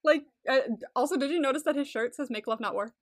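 A young woman co-hosting a podcast in casual chat, excitable and giggly, swearing freely. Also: high-pitched, fast. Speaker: podcast co-host.

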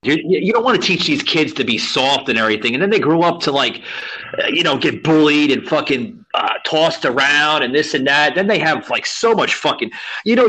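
A man's voice: mid-range voice, pushed and bright, husky, rough recording. A man hosting a podcast, cursing freely and egging his guest on in casual chat. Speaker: podcast host.

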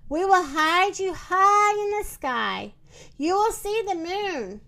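A woman voicing a calm, kindly cow in a children's storybook reading, gentle and patient. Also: very high-pitched, slow pace, gravelly, pitched above the performer's own voice, full character voice.

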